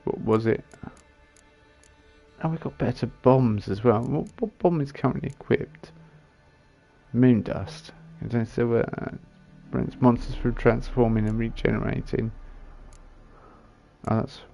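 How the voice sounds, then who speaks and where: A man's voice: mid-range voice, unhurried, vocal fry, warm tone, soft background music. A man giving casual commentary on a game he plays, muttering and reading item descriptions aloud as he thinks it through. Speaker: gaming channel host.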